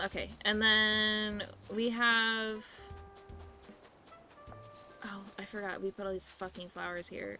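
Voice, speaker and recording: A woman's voice: medium pitch, sharp tone. A young woman streamer chatting casually and rambling while she plays a game. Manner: chatty, bubbly, slangy, rambling with fillers. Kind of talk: casual live-stream chat while gaming.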